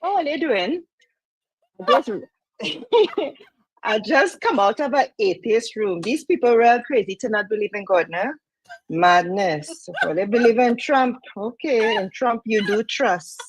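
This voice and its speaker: A woman's voice: a little high, expressive, a little slow, poor audio. A woman guest chatting on a live show in a boisterous, theatrical way, laughing often. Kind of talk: casual chat on a live show.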